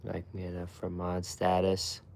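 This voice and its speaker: A man's voice: low-pitched, monotone, a little slow, vocal fry, a little mellow, slight background noise. A young man streaming live, chatting casually with his viewers and swearing a lot. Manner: profane, talks to chat.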